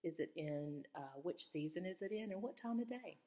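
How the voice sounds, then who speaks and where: A woman's voice: fairly low pitch, animated, moderate pace, warm tone. A woman teacher reads a children's storybook aloud and stops to ask her students questions about the story. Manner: asks questions to check students' understanding. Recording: echoey room with long reverb.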